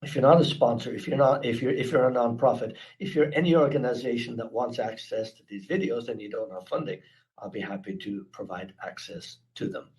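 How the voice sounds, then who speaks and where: Irish guy from the east coast pitching his program on a webinar, lots of restarts and ums. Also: steady tone, fairly quick, darkish tone. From Ireland. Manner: earnest, chatty, with frequent restarts and fillers. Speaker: speaker presenting a security awareness program. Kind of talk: webinar talk with audience questions.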